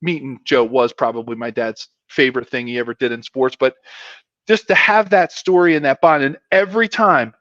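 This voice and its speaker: A middle-aged man, a former pro football player, telling stories in a casual, animated way and putting on voices for quotes. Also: medium pitch, moderate pace, dry recording, dull audio. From Pennsylvania. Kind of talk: casual storytelling.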